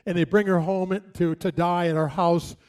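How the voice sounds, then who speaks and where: A middle-aged man preaching a sermon as a pastor, telling stories in a conversational way with dramatic pauses. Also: sits high, little pitch movement, a little mellow, smooth.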